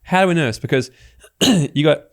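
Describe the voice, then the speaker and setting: An Australian man guesting on a podcast, telling stories in a casual, animated way and acting out the people he quotes. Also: fairly high pitch, moderate pace, no echo, clean studio sound. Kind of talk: casual interview talk.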